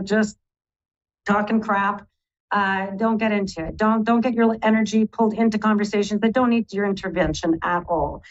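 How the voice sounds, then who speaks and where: A woman's voice: on the high side, highs cut off. A woman hosting a live radio horoscope forecast, chatty and affectionate, rattling off lists of keywords sign by sign. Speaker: psychic astrologer host.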